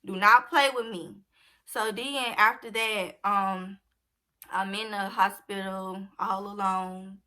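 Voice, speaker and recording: Young woman, bright forceful voice, casual storytime, animated, acts out quotes. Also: medium pitch, slow pace. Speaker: vlogger telling a personal story.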